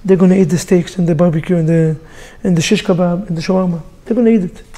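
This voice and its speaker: Man, rabbi giving a lively class, mellow warm tone, joking storyteller. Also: high voice, fast talker. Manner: animated storyteller, joking, with sound effects. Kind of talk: lively sermon to a live group.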